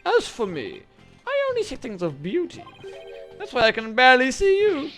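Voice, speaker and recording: Brief: streamer putting on a preening, pompous beauty-obsessed man for a game read, high and swooping, bright edge. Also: huge pitch swings, normal speed, faint music behind, full character voice. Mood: indignant. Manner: pompous, theatrical. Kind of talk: reading game dialogue aloud on stream.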